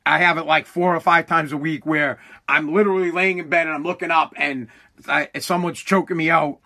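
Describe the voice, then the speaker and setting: A man's voice: on the high side, steady tone, fairly quick, gravelly, sharp tone. A man hosting his own podcast, talking casually in a rambling, profane way with many restarts. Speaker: podcast host. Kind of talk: casual solo podcast monologue.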